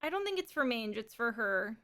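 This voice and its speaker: A woman's voice: a little high, big pitch swings, brisk, pushed and bright. A woman live streaming from home, talking in a rambling, casual way and swearing and laughing often.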